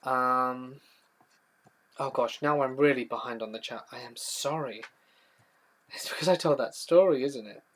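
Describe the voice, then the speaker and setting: A man's voice: medium pitch, measured pace, long pauses, fairly bright tone. A young man with a southern English accent, hosting a casual livestream, telling a spooky story and answering chat in a rambling, self-correcting way. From south-east England. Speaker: livestream host.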